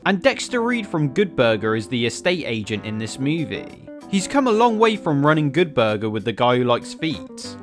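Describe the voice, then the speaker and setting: A man's voice: medium pitch, sing-song, normal speed, few pauses, faint music behind. A man giving a sarcastic, exasperated, profane comedic film review.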